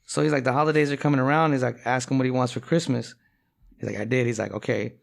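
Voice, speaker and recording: A man's voice: medium pitch, fairly even intonation, fast, creaky. A man telling a long profane joke in casual chat, rambling and full of fillers. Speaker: rapper.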